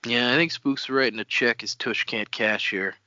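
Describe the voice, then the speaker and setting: Bright-voiced joking man. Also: mid-range voice, moderate pace, no room sound, muffled recording. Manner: jokey wisecracks. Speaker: podcast co-host. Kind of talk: casual book-club chat.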